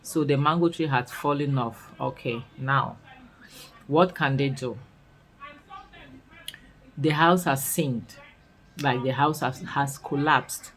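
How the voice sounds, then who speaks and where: A woman with a Nigerian accent recapping a series in casual commentary, expressive and full of scolding rhetorical questions. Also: a bass voice, takes it slowly, pauses often, low-quality recording. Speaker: series reviewer.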